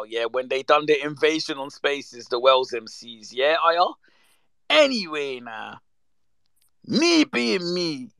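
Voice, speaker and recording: Animated man telling stories. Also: a little high, gravelly, dry recording. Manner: animated, slangy, acts out quoted voices. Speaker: storyteller. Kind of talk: casual chat, reminiscing.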